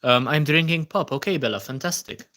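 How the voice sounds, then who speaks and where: A man's voice: on the high side, a little fast, bright, forceful tone, slight background noise. A man hosting a casual livestream, reading out viewers' comments and answering them with frequent ums. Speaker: livestream host.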